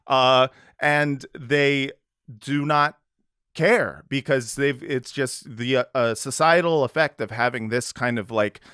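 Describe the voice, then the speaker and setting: A man's voice: medium pitch, takes it slowly, pushed and bright, clear, resonant tone, no room sound, clean studio sound. An American man co-hosting a podcast, talking in a rambling, casual way with lots of fillers. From United States. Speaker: podcast co-host. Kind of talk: casual political chat.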